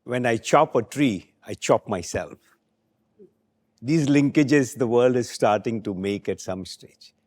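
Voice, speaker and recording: A man hosting a talk, speaking in a measured, reflective way as he moderates the conversation. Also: medium pitch, a little mellow. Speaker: host.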